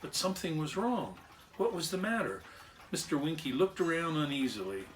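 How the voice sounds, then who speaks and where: A man's voice: a little high, very animated, normal speed, recorded from a distance, a little hiss or hum. A man reading a children's story aloud with expression, acting out animal and machine sounds along the way. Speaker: storyteller and clockmaker.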